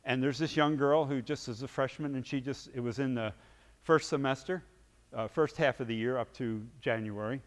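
A man preaching, telling a story vividly and acting out its scenes, his loudness swinging from hushed to booming. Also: moderate pace, big-room sound. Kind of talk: sermon storytelling.

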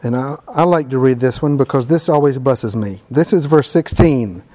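A man's voice: medium pitch, normal speed, mellow. A man preaching a sermon in a conversational way, reading scripture aloud with emphasis in a church hall. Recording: long hall reverb.

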